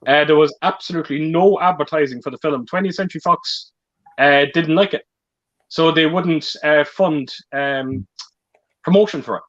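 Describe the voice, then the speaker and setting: A man's voice: on the high side, moderate pace, a bit bright, lo-fi sound. A man hosting a live stream, reading out viewer comments and chatting hesitantly with fillers. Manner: hesitant, many fillers, friendly.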